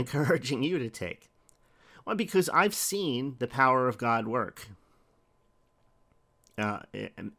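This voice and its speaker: Lively-pitched earnest male preacher. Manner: earnest, emphatic, with frequent restarts and rhetorical questions. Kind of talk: sermon.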